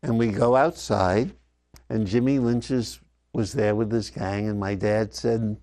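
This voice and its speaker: An older man telling personal memories straight to his father, reflective, often letting his voice sink soft and low. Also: steady tone. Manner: slow, reflective, often dropping softly. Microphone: wired microphone.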